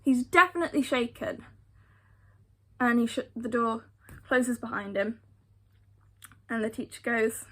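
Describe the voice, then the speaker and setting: A woman's voice: on the high side, measured pace, long pauses, bright, forceful tone. A young British woman telling a personal story vlog-style, emphatic and given to repeating phrases for effect. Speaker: vlogger. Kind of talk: storytime retelling.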